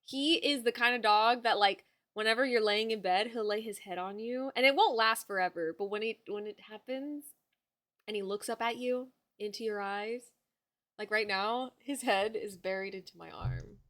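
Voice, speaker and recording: A woman's voice: medium pitch, moderate pace, a bit bright. A woman livestreaming from home, chatting casually with her viewers and fussing affectionately over the dog in her lap.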